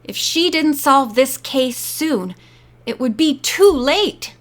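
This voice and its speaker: Slow, high-voiced woman narrator. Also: animated. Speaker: audiobook narrator. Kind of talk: scripted narration.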